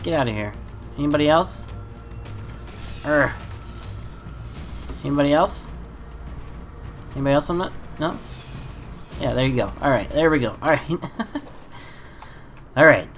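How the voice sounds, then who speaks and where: A man hosts a relaxed gameplay video in a stuffy, congested voice, as if he has a cold. He talks loosely and rambles, with plenty of ums and uhs between thoughts. His pitch sits in an ordinary middle range. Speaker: gaming channel host. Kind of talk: casual gameplay commentary.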